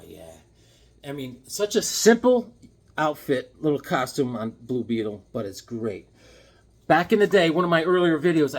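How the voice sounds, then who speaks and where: A man casually showing off his sketches and comics in an excitable, rambling, jokey way. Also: mid-range voice, slightly rough. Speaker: comic book vlogger. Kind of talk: casual show-and-tell vlog.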